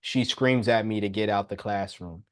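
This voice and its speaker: A young man hosting a podcast, telling a personal story in a casual, animated way and often laughing as he talks. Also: normal speed. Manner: animated, jumps into higher voice when quoting himself. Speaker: podcast host.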